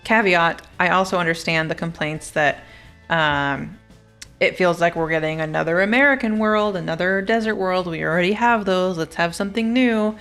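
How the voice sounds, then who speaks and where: A woman's voice: lowish voice, moderate pace, fairly bright tone, clean tone, soft background music. A young woman YouTuber reacting to a game trailer in a bubbly, chatty way, gasping and giggling as she talks. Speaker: gaming YouTuber.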